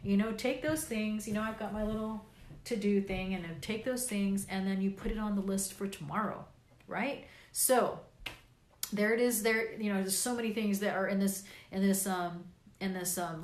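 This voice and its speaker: A woman's voice: medium pitch, echoey room, slight background noise. A woman with grandchildren, tired, chatting in a casual live video and giving a rambling, encouraging pep talk full of fillers. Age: older. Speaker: vlogger and podcast host.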